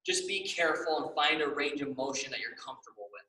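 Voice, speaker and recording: A man's voice: on the high side, expressive, fast talker, sharp tone, reverberant, far from the mic, a little hiss or hum, rough recording. A young man leading a stretching class, upbeat and encouraging, often checking in with the class. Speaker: exercise class instructor.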